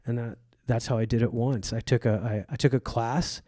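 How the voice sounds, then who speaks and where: Man, 40s, from Egypt, comedian guest, casual storytelling, animated, acts out voices, middle pitch. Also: moderate pace, no room sound, studio quality. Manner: animated, acts out quoted voices, swears freely.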